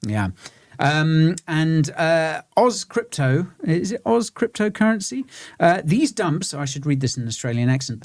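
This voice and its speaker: Co-host, man, wry rambling banter, slightly high voice, dry close studio sound. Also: sing-song, measured pace, no room sound. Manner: rambling, wry, lots of fillers and restarts. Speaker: co-host of a crypto market show. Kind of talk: casual banter reading viewer comments.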